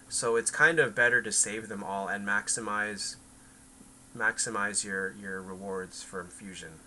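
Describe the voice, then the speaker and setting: A man's voice: lowish voice, pushed and bright, a little hiss or hum, rough recording. A man chatting casually on a game livestream, rambling to his viewers and his cat. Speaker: game streamer.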